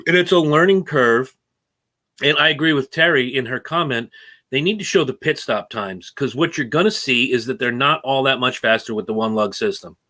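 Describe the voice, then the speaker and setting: A man co-hosting a casual racing podcast, opinionated and animated as he rants about rule changes. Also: medium pitch, moderate pace. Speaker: co-host. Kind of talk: casual sports talk.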